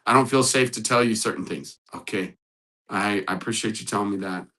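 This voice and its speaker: Animated male relationship coach. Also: on the low side, a little fast. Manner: animated, acts out spouses' lines; laughs often while talking. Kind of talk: coaching talk.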